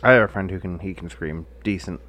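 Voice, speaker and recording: Man, low voice, podcast co-host, laid-back, short replies. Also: quick pace, fairly bright tone. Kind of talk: casual chat.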